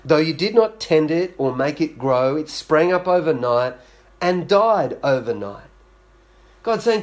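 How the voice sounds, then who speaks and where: A man's voice: on the high side, very animated, moderate pace. A man preaching a sermon, telling a story and acting out the voices in it with growing intensity.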